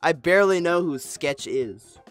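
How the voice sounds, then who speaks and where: A man's voice: fairly high pitch, measured pace, fairly bright tone, soft background music. A man hosting a casual gaming livestream, joking around and thanking viewers while he plays. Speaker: livestream host. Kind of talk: casual gaming stream chat.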